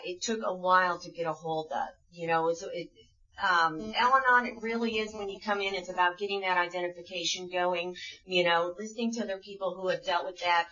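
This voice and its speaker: A woman's voice: fairly low pitch, a bit bright. A middle-aged woman from Dallas, Texas, giving an earnest, conversational recovery talk as a speaker at a support group meeting. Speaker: Al-Anon speaker. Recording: distant, dull lo-fi meeting tape.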